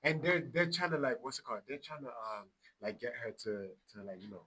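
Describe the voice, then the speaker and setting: A man's voice: mid-range voice, fast, rough recording. A young man co-hosting a casual podcast, telling a story with lots of laughter. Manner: animated storyteller, laughs often. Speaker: podcast co-host.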